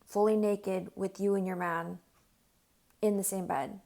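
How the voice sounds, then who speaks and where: A young woman speaking to her viewers in an earnest, shaken storytime. Her voice sits in an ordinary middle range, and her talk is loose and full of "like" fillers. When she quotes herself, she drops to a hushed, quieter tone. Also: mid-range voice, fairly even intonation, a little slow, gravelly. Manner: earnest, distressed retelling with frequent "like" fillers. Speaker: vlogger. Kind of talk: personal storytime monologue to camera.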